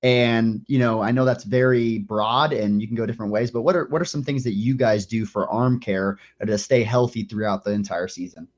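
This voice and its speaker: A man's voice: fairly low pitch, normal speed, few pauses. A man hosting a podcast, putting loosely framed, rambling questions to his guest in a casual way. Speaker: podcast host. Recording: dull lo-fi recording.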